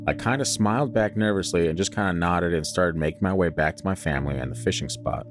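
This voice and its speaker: A man's voice: low voice, fast talker, over music. A man on a podcast reading a listener's scary outdoor story aloud, breaking in with joking asides. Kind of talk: casual storytelling chat.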